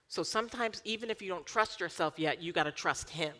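Lively woman preaching a sermon. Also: fairly low pitch, a little fast, few pauses, long reverb tail. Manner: lively, emphatic preaching with rhetorical questions. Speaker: pastor.

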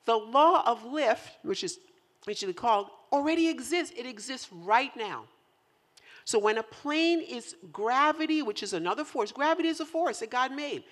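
A woman pastor preaching a sermon to her congregation, animated and teasing, rising to loud emphatic peaks. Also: sits high, normal speed. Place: church in central New York.

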